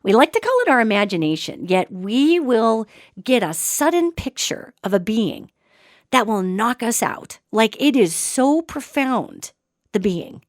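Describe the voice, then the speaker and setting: A woman hosting a show and telling a story in an animated, dramatic way, with sudden swings between loud and soft. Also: a little high, measured pace, no echo, studio quality. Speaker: podcast host and psychic. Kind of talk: storytelling monologue.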